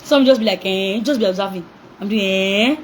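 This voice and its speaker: A young woman coaching parents in an animated talk, acting out reactions, laughing often and asking call-and-response questions. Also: medium pitch, fairly quick, a little hiss or hum, rough recording.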